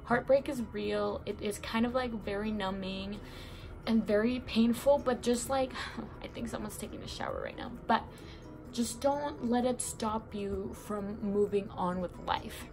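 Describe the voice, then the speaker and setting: This is a young woman's vlog recorded in her bedroom, in which she gives rambling, casual advice about breakups, often using fillers and correcting herself while sounding somewhat sick and congested. Over music, her mid-range voice comes across a little slow and creaky.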